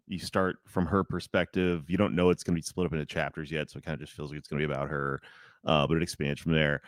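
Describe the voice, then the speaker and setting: A man's voice: very deep voice, fast talker, fairly bright tone, no room sound. A man co-hosting a podcast, rambling loosely through a movie recap with lots of fillers and restarts. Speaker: podcast co-host. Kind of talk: casual chat.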